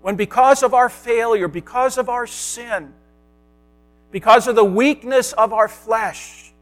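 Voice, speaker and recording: A man preaching a sermon as a pastor, earnest, sometimes dropping to a soft hush. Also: high voice.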